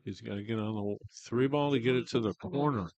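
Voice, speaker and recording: A man's voice: mid-range voice, brisk, a little mellow. A man calling a pool tournament in casual, chatty live commentary from the hall, talking through the shots. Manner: laid-back, chatty, talks shop about shots.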